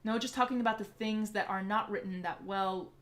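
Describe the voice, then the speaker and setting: A woman's voice: medium pitch, brisk. Chatty woman streamer answering chat. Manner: chatty, answers viewer comments aloud; eager and excitable. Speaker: livestream host. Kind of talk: casual livestream Q&A chat.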